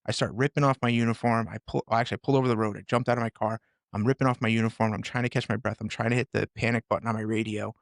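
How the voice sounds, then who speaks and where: A man in his forties, a former first responder, candidly retelling hard experiences on a podcast with intense, animated delivery. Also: lowish voice, very fast, gravelly, no echo, clean studio sound. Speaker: podcast guest, former police officer and firefighter. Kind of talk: candid personal storytelling.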